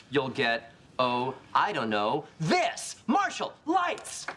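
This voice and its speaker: A cocky sitcom schemer delivers every line like a showman, brash and theatrical. His pitch swings wildly, and music plays clearly under the clip. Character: cocky, scheming man, womanizing sitcom friend. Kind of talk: sitcom acting.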